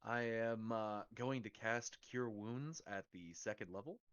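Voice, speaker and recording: A man playing a tabletop game, making quiet, dry asides. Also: lowish voice, unhurried, clean tone. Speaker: player. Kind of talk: casual tabletop game play. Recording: dull lo-fi mic with faint noise.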